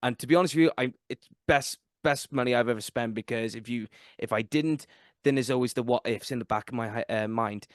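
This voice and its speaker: Excitable South Welsh podcast host. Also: male voice, medium pitch, a little fast, no echo, clean studio sound. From South Wales. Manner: animated, excitable storyteller. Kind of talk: casual podcast chat.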